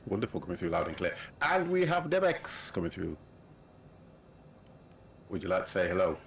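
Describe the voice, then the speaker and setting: A man in his fifties chats as a livestream host, his low voice gravelly with fry. His pitch swings widely as he laughs and tells stories. A faint hiss sits under the stream audio. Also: moderate pace. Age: 50s. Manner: chatty, laughing often, animated storytelling. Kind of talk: casual chat while gaming.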